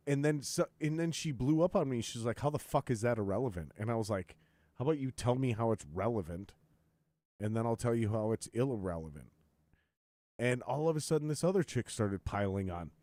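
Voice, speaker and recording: A man hosting a podcast, telling stories in a profane, ranting way and loudly acting out what others said. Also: on the low side, animated, normal speed, no echo. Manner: profane, ranting storyteller, quotes others in raised voice. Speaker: podcast host. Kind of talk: casual chat.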